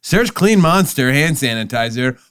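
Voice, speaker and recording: A man's voice: mid-range voice, animated, normal speed, fairly bright tone, smooth, dry recording, clean studio sound. A man on a podcast reading an ad in a loose, jokey way with playful asides. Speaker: podcast co-host reading ads. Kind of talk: casual podcast ad read.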